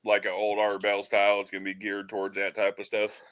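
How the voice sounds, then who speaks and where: A man's voice: fairly low pitch, monotone, fairly quick, a bit bright, clear, resonant tone. A man hosting a talk show, mostly giving short agreeing replies and hesitating when he answers a question. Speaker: host. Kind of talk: casual interview chat.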